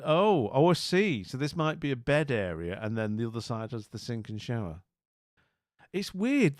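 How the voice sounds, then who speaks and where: Casual live-stream commentary from a bemused man who rambles and keeps stumbling over his restarts, his pitch sitting in an ordinary middle range. A close, dry mic captures him with no room sound or echo.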